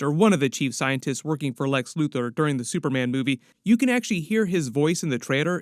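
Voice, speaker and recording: A man's voice: fairly high pitch, no echo, studio quality. A man giving casual, chatty commentary on a show, often saying "like" as he speculates. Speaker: YouTube pop-culture commentator.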